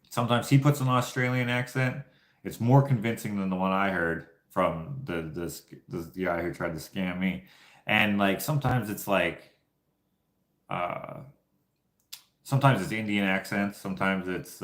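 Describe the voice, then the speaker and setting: A man's voice: fairly low pitch, a bit bright. A man hosting a casual livestream chat, telling rambling stories with many fillers and restarts. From Canada. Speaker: livestream host. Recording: roomy echo.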